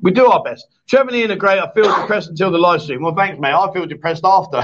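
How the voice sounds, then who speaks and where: High-voiced man bantering on a stream. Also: fairly bright tone. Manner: joking, teasing, rambling. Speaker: live-stream chat show host. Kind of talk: casual banter and reading viewer comments. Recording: dull lo-fi stream audio.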